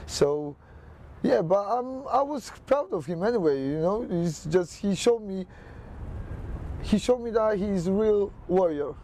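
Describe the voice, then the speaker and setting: A man's voice: high voice, animated, a little slow, dark tone. A man, a boxing coach, speaking in non-native English with many filler phrases in a documentary interview.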